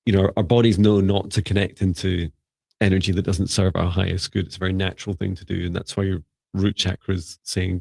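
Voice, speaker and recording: A man co-hosting a live-stream psychic reading, giving gentle, rambling spiritual advice with many fillers. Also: deep voice, level tone, brisk, gravelly, no room sound. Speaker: psychic mentor and co-host.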